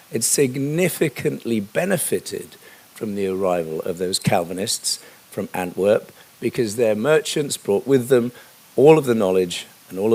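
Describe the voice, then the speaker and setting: A man with a fairly low voice gives a history lecture in a relaxed, conversational way. He talks as if to a class, breaking up his sentences with fillers and passing asides.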